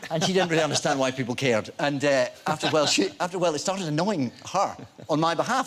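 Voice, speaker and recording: A man's voice: a little high, fast, hardly any pauses. A man, an actor guest on a talk show, telling anecdotes in a self-deprecating way. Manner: animated storyteller, self-deprecating. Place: TV studio.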